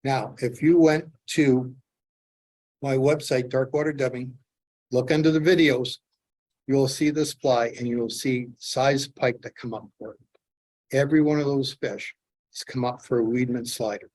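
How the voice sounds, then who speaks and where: A middle-aged man from Canada demonstrates fly tying, mixing instruction with animated fishing stories. His voice sits in an ordinary middle pitch. He acts out his own excitement as he tells them. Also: moderate pace. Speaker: fly tier, presenter.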